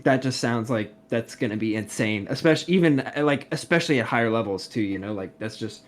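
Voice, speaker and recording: A man's voice: mid-range voice, fast. A man who is a guest on a casual gaming podcast, talking eagerly and packing his speech with fillers like "like" and "you know.". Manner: filler-heavy, enthusiastic, lots of "like".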